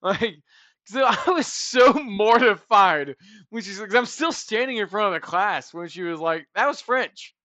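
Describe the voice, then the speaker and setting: A young man co-hosting a podcast, telling stories in a loud, animated, profane way. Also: high-pitched, normal speed, no echo. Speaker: podcast co-host. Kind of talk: casual chat. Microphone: podcast mic.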